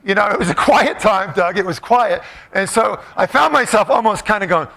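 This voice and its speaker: A man's voice: high-pitched, expressive, moderate pace, creaky, sharp tone. A middle-aged man giving a joking, interactive talk as a motivational speaker, directing the crowd in a room with tables. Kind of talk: interactive comedic talk to a live audience. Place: event room with tables of listeners.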